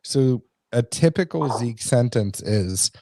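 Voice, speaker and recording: Joking New England man, mellow voice. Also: medium pitch, lively intonation, moderate pace, dry recording, clean studio sound. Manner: joking, chatty. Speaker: podcast co-host. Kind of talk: casual chat over drinks.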